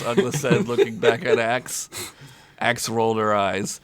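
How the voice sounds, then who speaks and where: A man's voice: flat delivery, a little slow, smooth. A man reading a comedic fantasy story aloud on a podcast, chuckling often as he goes. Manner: reads aloud with frequent chuckles, loud high character voices.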